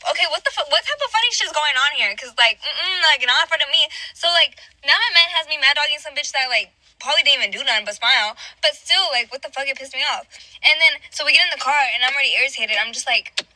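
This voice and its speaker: A woman's voice: high voice, sharp tone, no echo, poor audio. A young woman telling a casual storytime, blunt and profane, filling her talk with "like.". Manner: heavy use of "like", profane, blunt.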